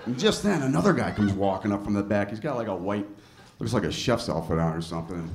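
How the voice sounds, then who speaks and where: A man's voice: lowish voice, lively intonation, quick pace, vocal fry, background noise. A man doing a stand-up comedy set in a club, telling a profane story and acting out both sides. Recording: live club recording with audience laughter.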